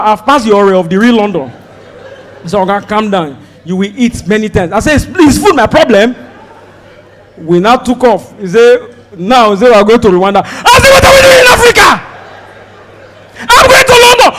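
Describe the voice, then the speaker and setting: A Nigerian comedian with a high, bright voice tells a story on stage. His pitch leaps all over the place as he acts out both sides of a conversation. He breaks now and then into sudden loud outbursts. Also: long reverb tail. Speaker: stand-up comedian.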